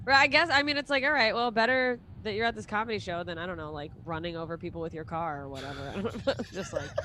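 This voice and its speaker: A woman's voice: lowish voice, quick pace, sharp tone, slight background noise. A young adult woman, a touring stand-up comedian, chatting casually as a guest, laughing often, swearing and acting out quotes. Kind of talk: casual chat.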